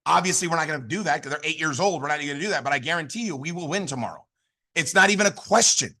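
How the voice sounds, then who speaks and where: A man's voice: a little high, fast, pushed and bright. A man delivering an emphatic, fired-up motivational talk at a sales training. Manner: fired up, emphatic, repetitive exhortations. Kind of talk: high-energy motivational talk.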